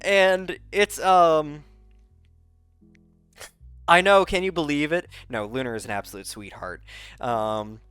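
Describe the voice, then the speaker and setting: A man's voice: on the high side, fairly even intonation, a little slow, long pauses, fairly bright tone, clear, resonant tone, no echo. A man telling a rambling, casual recap, full of fillers, restarts and laughter. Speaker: content creator. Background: faint background music.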